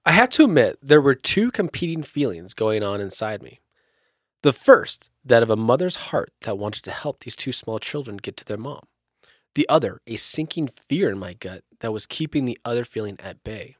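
A man at a middling pitch reads a creepy story aloud to his podcast co-hosts. He narrates in a steady storytelling way and breaks off now and then for a joke. The sound is dry and close. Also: moderate pace, no echo. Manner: storytelling narration with jokey asides. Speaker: podcast host.

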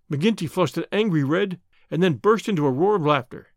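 A man narrating a classic story in a measured, expressive storytelling voice. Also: on the high side, dry recording, studio quality. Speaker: audiobook narrator.

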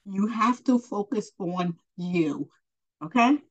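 A woman speaks in an informal, heartfelt preaching style, urging and encouraging her listener. Her voice sits at an ordinary middle pitch and carries an emotional, close-to-tears earnestness throughout. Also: animated, slow pace, dull audio. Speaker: spiritual teacher.

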